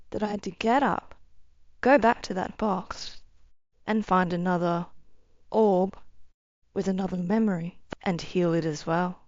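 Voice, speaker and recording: Woman, personal testimony, earnest, emotional, soft trailing phrases, dull dry recording. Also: fairly high pitch, no room sound. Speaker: near-death experience storyteller.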